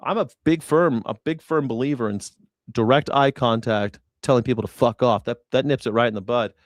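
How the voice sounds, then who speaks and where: A man's voice: medium pitch, fairly quick, no room sound, studio quality. A man hosting a casual commentary show, telling stories in a blunt, profane way. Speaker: host.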